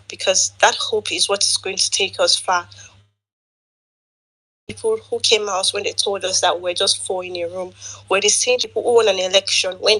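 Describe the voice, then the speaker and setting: A woman's voice: mid-range voice, sharp tone, low-quality recording. A woman speaking in an online audio room, urging listeners to keep hope and keep pressing, often repeating phrases for emphasis. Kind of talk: impassioned political address.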